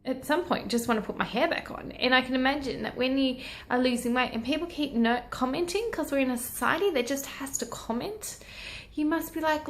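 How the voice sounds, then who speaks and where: Her voice sits high and her delivery is brisk, with a roomy sound. She rambles earnestly into a phone held out at arm's length in a personal selfie video, cheering on herself as well as whoever is watching.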